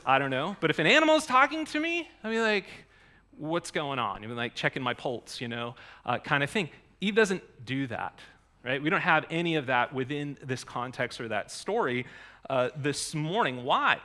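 Male pastor, chatty sermon delivery, slightly high, bright and forceful tone. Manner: conversational, animated, self-interrupting with asides.

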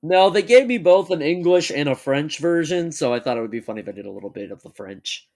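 A young man co-hosting a casual chat, joking and laughing often, and reading text aloud at a measured pace. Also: fairly high pitch, animated, darkish tone. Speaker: podcast co-host.

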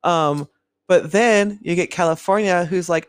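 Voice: mid-range voice, a little slow, clean tone. A young adult co-host in casual chat, giggling often and swearing freely, peppering talk with "like".

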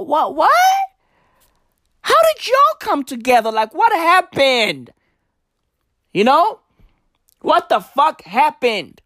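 A woman with a high, somewhat bright voice hosts a podcast, recorded dry in a clean studio. Her comedic rant is full of nonstop swearing and rhetorical questions.

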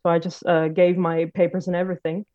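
A woman's voice: lowish voice, flat delivery, fast talker. A woman in her late twenties telling a personal story in casual conversation, hesitant, with many fillers and restarts. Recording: dull lo-fi recording.

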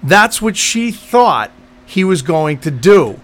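A man telling a profane, animated story. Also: high-pitched. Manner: animated, profane, acts out quotes in quick bursts. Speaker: podcast co-host telling a story. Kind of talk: casual storytelling chat.

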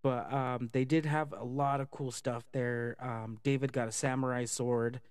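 A man telling a casual, profane story for a vlog, chatty and animated with lots of fillers. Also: medium pitch, measured pace, smooth, no echo, clean studio sound. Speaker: vlogger.

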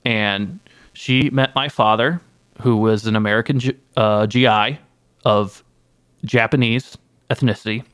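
A man playing a guest in an improvised comedy interview, telling absurd stories with mock-earnest deadpan. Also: fairly low pitch, unhurried, smooth, no room sound, clean studio sound. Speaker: guest playing an anime creator.

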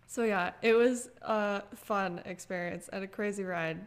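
Young female podcast co-host, casual book chat, slow unhurried delivery, relaxed and filler-heavy. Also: medium pitch, clean tone. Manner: unhurried, many fillers, laughs easily.

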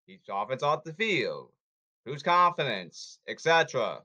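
A man's voice: mid-range voice, big pitch swings, measured pace, bright, forceful tone. A man hosting a sports podcast who talks in a blunt, hectoring way and repeats himself, in a casual commentary monologue.

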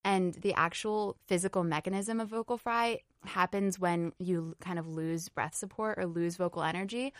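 A woman with a slightly low voice talks through an idea at an even, measured pace, stopping now and then with an "um". The sound is close and dry, with no room around it. She comes across as a podcast host chatting with a friend. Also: no room sound. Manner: measured, thoughtful, with fillers. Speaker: podcast host presenting her research. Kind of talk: casual explanatory chat.

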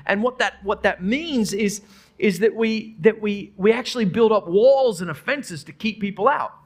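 A man's voice: high-pitched, normal speed. A middle-aged man preaching a sermon, telling stories earnestly with frequent restarts and quoted conversations. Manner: earnest storytelling with many restarts and quoted dialogue. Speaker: pastor.

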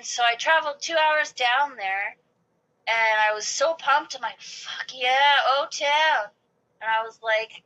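Chatty bright-voiced woman telling stories. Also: on the high side, rough recording. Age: late 20s or older. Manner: chatty, lots of "like", acts out quotes. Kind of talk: casual storytelling.

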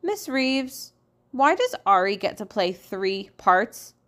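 A woman's voice: medium pitch, very animated, takes it slowly, a bit bright. A woman voicing a curious young schoolboy who keeps asking puzzled questions in a storybook reading.

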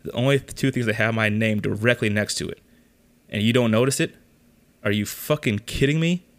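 A man's voice: fairly low pitch, a little fast. A young man hosting a podcast, telling a story in a casual rant, exasperated and full of swearing. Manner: exasperated, profane ranting. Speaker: podcast host.

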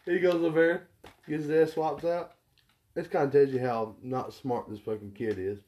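A man's voice: fairly high pitch, steady tone, moderate pace, a little mellow. A young man telling a rambling, profanity-heavy story about his factory job in casual chat, acting out the people he quotes. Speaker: podcast co-host.

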